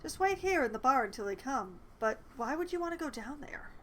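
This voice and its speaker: A woman's voice: high voice, very animated, brisk, a little hiss or hum, rough recording. A woman reading aloud the game dialogue of a frightened man who babbles anxiously about vampires hunting him. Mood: nervous.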